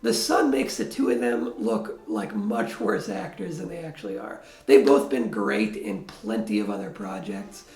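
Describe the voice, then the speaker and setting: A man's voice: mid-range voice, sing-song, normal speed, gravelly, hardly any pauses, a little mellow, echoey room, soft background music. A man giving a blunt, wry film review in a critical tone.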